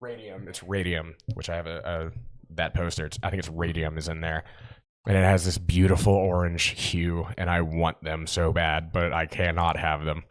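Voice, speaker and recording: Laid-back man with a low voice. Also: level tone, normal speed, dry recording, studio quality. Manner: laid-back, swears, slips into playful put-on voices. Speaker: podcast co-host. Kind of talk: casual chat.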